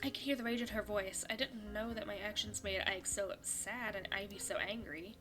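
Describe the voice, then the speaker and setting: A young woman streaming a visual novel, reading the story and her character's lines aloud and breaking into animated, laughing reactions. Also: mid-range voice, moderate pace, music in the background. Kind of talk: reading a game script aloud with commentary.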